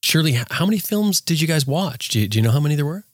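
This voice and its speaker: A man's voice: a little high, very animated, racing, no echo, studio quality. A man hosting a podcast chat, playful and teasing as he steers the talk. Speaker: host. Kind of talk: casual group chat on a podcast.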